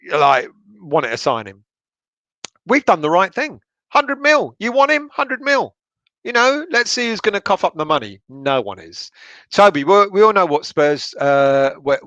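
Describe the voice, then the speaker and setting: A man's voice: a little high, a bit bright, no room sound, lo-fi sound. A man hosting a football livestream, reading out viewer comments with sweary banter and frequent laughter. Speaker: football channel livestream host.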